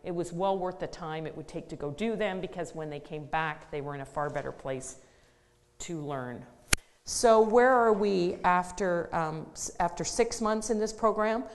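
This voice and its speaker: Low-voiced woman lecturing in a reverberant hall. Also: moderate pace, a little hiss or hum. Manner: explains through a case story, warm and practical, with some fillers and restarts. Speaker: occupational therapist giving a public talk. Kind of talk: conversational public lecture.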